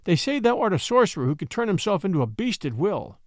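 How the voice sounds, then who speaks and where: A man's voice: sits high, very animated, fast talker, no room sound, studio quality. A man voicing an anxious, loving village mother who pleads with her son. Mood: pleading. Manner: pleading, urgent.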